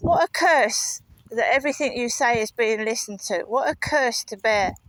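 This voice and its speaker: A woman's voice: on the high side, moderate pace, a bit bright, no echo, low-quality recording. A woman walking her dog outdoors, rambling and muttering asides with some swearing into a handheld camera. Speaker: vlogger. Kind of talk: casual walking vlog commentary. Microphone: handheld camera while walking.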